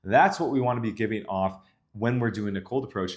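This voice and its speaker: A man speaking casually to camera as a dating coach, explaining calmly and directly. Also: lowish voice, a little fast. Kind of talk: instructional talk to camera.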